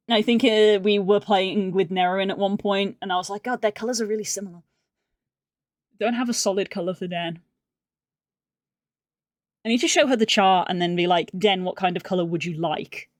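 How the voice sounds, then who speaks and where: A woman's voice: medium pitch, no echo, clean studio sound. Woman musing aloud while editing. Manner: musing aloud, rambling, talks to chat. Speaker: streamer. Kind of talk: casual stream chat while video editing.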